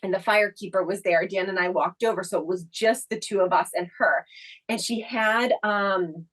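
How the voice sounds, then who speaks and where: A woman's voice: mid-range voice, normal speed, fairly bright tone, low-quality recording. A woman co-hosting a podcast, telling a personal story in casual chat, reflective and full of the filler "like". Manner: reflective, leans heavily on the filler "like". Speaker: podcast co-host.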